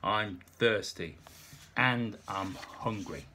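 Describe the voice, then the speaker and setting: A man's voice: on the low side, expressive, moderate pace, sharp tone, a little hiss or hum. A man voicing a drunk, surly, swearing sculptor, in a blunt, slurred way. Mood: gruff.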